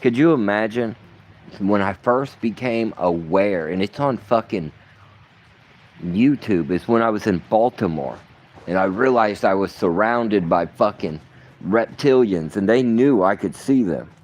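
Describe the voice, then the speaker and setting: A man's voice: on the low side, expressive, unhurried, a little mellow. A man rambling in a vlog monologue, profane, muttering at times and then bursting out. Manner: profane, rambling, swings between muttering and outbursts. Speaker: vlogger.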